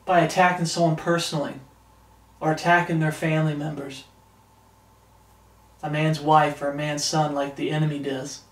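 Guy preaching, reads verses slow and loud then talks blunt, highish voice, kinda far off the mic. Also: flat delivery, roomy sound. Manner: reads verses slowly with rising emphasis, then comments bluntly. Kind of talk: sermon reading scripture.

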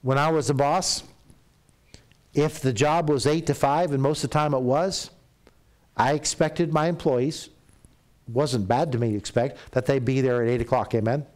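Middle-aged guy preaching in church, plain mid voice, tells stories and does the voices, gets soft and quiet when he confesses stuff. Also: medium pitch, steady tone, moderate pace. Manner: storytelling, acts out quoted voices, drops to a soft confessional tone. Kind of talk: sermon.

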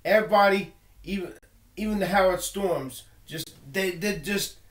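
A man's voice: high-pitched, normal speed, fairly bright tone, reverberant. A man giving an earnest personal monologue, emphatic and full of repeated words and restarts. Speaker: video blogger.

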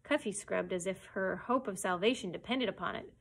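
A woman, a children's librarian, reading a chapter book aloud for story time with steady, expressive storytelling. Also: medium pitch, a little fast, creaky, poor audio.

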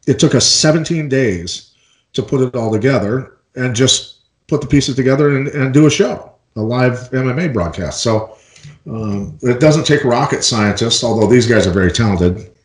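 A middle-aged man from Iowa, a former fighter and interview guest, telling his story in a relaxed, rambling way with many fillers and restarts. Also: medium pitch, normal speed, roomy sound, low-quality recording. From Iowa, United States.

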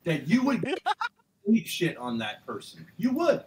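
A man's voice: fairly high pitch, huge pitch swings, a little slow, a little mellow, low-quality recording. A man and parent arguing on a livestream, angry and defensive. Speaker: parent in a debate. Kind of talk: heated livestream argument.

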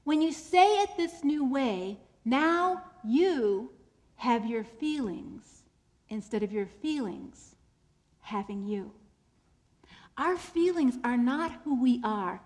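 A woman keynote speaker giving a faith-based motivational talk. She slows down and drops to a soft voice for emphasis, and she repeats key phrases to drive them home. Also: high voice, animated.

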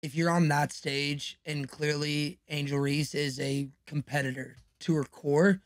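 A man co-hosting a podcast gives his take in earnest, casual chat salted with swearing. His voice sits a little high, recorded dry and close. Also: steady tone, measured pace, no room sound. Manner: earnest, profane opinion-giving. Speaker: podcast co-host.

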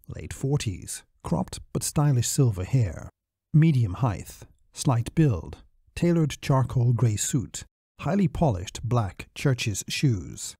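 Warm, husky male audiobook narrator. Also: medium pitch, no room sound, clean studio sound. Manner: steady storytelling. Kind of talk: scripted narration.

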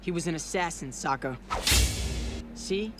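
An actor voicing a cocky, scheming teen boy rebel leader in an animated series, smooth and persuasive. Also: on the high side, unhurried, lightly acted. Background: show music.

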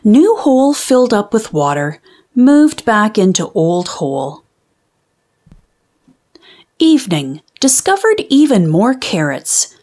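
A woman voicing a sleepy, bossy, carrot-demanding wombat in a children's storybook, with deadpan diary entries and sleepy words whispered. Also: medium pitch, slow pace, long pauses. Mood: dry, sleepy.

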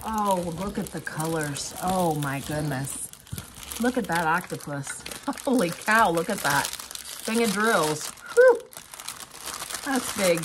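Slow-talking, gushing woman crafter. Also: mid-range voice, noisy background. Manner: gushing, exclamatory, chatty asides to viewers. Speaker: craft vlogger. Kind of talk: casual unboxing commentary.

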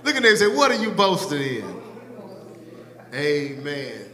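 A man's voice: a little high, huge pitch swings, measured pace, a crowd in the background. A male pastor, praying and then preaching a sermon, teasing church members by name and stretching out scripture lines for emphasis. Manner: playful, teasing the congregation by name. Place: church sanctuary. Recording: echoey church hall with long reverb.

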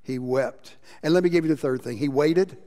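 Impassioned pastor in a reverberant church. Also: male voice, on the high side, moderate pace. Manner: impassioned preaching, shifts between loud emphasis and quiet. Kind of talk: sermon. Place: church sanctuary. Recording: long reverb of a church hall.

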